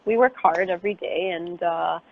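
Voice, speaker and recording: A woman's voice: on the low side, normal speed, vocal fry. A woman guest in a casual chat over a video call, talking hesitantly with many fillers. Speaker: chocolatier guest. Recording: tinny phone-like video call with faint noise.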